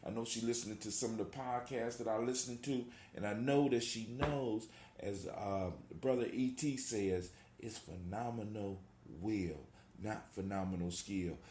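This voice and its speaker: A man's voice: mid-range voice, darkish tone, echoey room. A man hosting a call-in talk show, talking in a casual, rambling and motivational way, repeating his phrases. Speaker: host.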